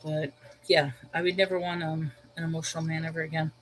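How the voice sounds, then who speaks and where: A woman with a New York accent, hosting a live stream and talking things through out loud as she answers viewer comments. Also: low voice, level tone, quick pace, slight background noise, low-quality recording. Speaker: livestream host. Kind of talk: casual live-chat reply.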